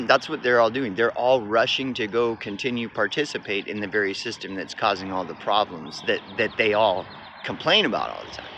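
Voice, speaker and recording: A man's voice: on the low side, fairly quick, bright, forceful tone, dull audio. A man from Oklahoma vlogging outdoors beside a road, in a rambling, cynical, profane rant that often restarts. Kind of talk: casual rant to camera. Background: passing traffic.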